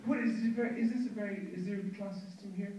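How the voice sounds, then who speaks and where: A man's voice: sits high, fairly even intonation, fast. A middle-aged Irish man doing stand-up comedy, rambling and self-mocking as he chats with the audience. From Ireland. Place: live comedy venue. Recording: echoey live room, distant mic, loud crowd. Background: audience laughter.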